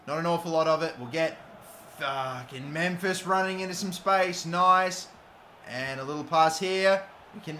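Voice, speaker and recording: An Australian man with a high, bright voice calls his football match as he plays. He drops to low mutters, then screams and swears until his voice cracks. The echoey room has a faint hiss behind him. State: voice cracking from shouting. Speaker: gaming YouTuber. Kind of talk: live gameplay commentary.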